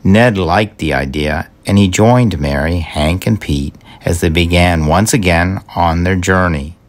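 Slow, deep-voiced male storyteller. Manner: slow, measured, gentle narration. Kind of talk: storybook reading aloud.

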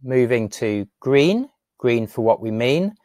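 A woman's voice: very deep voice, big pitch swings, slow pace, dark tone, no room sound. A woman teaching a word in a patient, playful tutorial, repeating it often for learners. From England. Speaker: speech and language teacher.

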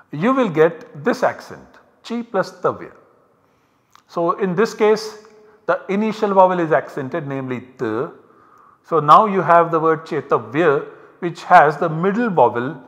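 A man's voice: fairly high pitch, fairly bright tone. Methodical male lecturer in a reverberant hall. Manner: methodical, explains step by step with repetitions. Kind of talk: university lecture.

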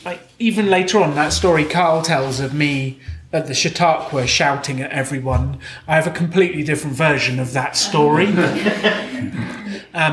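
A man with a British accent answers audience questions on a live stage, candid and quick to poke fun at himself. His voice sits a little high, and the hall around him rings with echo. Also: fairly bright tone, a little hiss or hum. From Britain. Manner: candid, self-deprecating, quick. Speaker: guest speaker. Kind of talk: live Q&A storytelling. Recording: echoey live venue.

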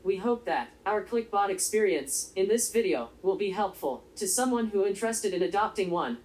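A synthetic, female-sounding robot voice narrating a scripted product review in a polite, monotone, evenly paced way. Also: medium pitch, normal speed, poor audio.

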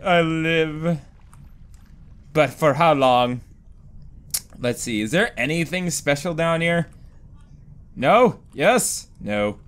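High-voiced man yelling through a game. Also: takes it slowly, long pauses. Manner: excitable, swears a lot, panics loudly and laughs at himself. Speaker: gaming commentator. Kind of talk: let's play commentary. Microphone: desk microphone.

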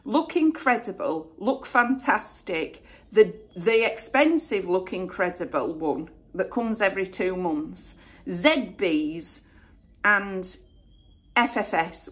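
A woman's voice: mid-range voice, a bit bright. Chatty middle-aged Yorkshire woman. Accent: West Yorkshire. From Bradford, England. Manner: chatty, rambling, self-correcting. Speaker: vlogger. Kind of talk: casual Q&A chat.

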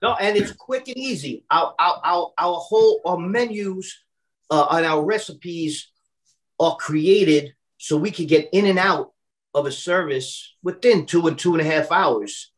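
Chatty New chef, higher voice. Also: male voice, unhurried, low-quality recording. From Brooklyn, New York. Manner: chatty, repeats words when starting, many fillers. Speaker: personal chef. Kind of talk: casual demo chat on a video call. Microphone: video call.

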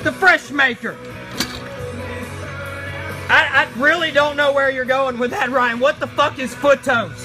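Man putting on a box monster, foul-mouthed, shouting, roaring, squeaky-high voice, live stream host. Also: rough recording. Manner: shouty, crude, roaring, mock-outraged rants. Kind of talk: live stream chat in character. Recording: music playing behind the voice.

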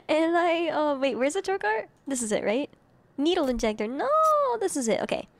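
A woman's voice: high-pitched, animated, normal speed, a little mellow, no room sound. A young adult woman streaming a game, giggling often, reading game text aloud and chatting with her viewers in a scattered, playful way. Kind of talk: casual game commentary.

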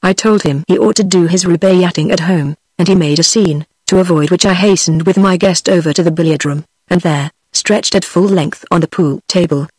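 A woman's voice: lowish voice, darkish tone, husky, no room sound. A synthetic woman reading as an indignant old sage. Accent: British English.

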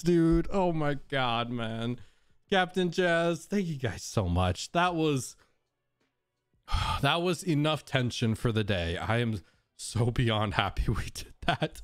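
A man streamer giving excitable live gameplay commentary to his chat, swinging between hushed talk and shouting. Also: fairly high pitch, smooth.

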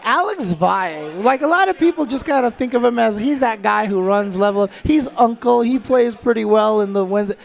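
A man doing live fighting game commentary, chatty and excitable, laughing often and restarting his sentences. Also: sits high, brisk, gravelly, hardly any pauses.

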